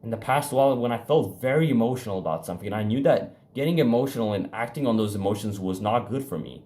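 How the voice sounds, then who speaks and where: A man's voice: on the low side, darkish tone. A young man giving a casual motivational talk to camera, frank and profane, rambling with restarts and fillers. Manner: emphatic, speeds up and slows down for stress. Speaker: self-improvement vlogger.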